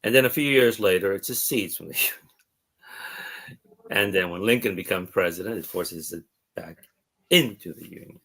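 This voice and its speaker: A man's voice: low-pitched, moderate pace, long pauses, fairly bright tone. A man from Texas, chatting as a guest on a livestream and rambling through stories. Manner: rambling, storytelling. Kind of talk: casual chat.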